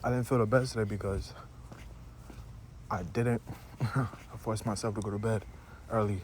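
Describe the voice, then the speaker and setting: In a relaxed, meandering vlog, a young man chews gum and keeps dropping "you know" and "like." He speaks at normal speed in a steady, lowish voice with a somewhat dark tone. There's faint noise in the background.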